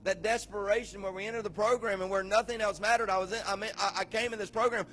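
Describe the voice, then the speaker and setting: Guy pastor preaching to a recovery group, slightly high voice, goes hushed then shouts, faint music behind. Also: steady tone. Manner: informal preaching, repeats words, asks the room questions; swings from quiet and slow to loud and shouting.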